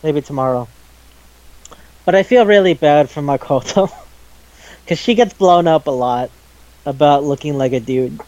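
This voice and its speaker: A man's voice: fairly high pitch, normal speed, pauses often, a little mellow, dry recording. A man with a slightly raised voice chats eagerly about an anime he loves, rambling between thoughts and laughing along the way. The recording is dry and close with a muffled, lo-fi edge. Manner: enthusiastic, rambling, laughs often, acts out scenes. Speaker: podcast co-host. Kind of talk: casual anime review chat.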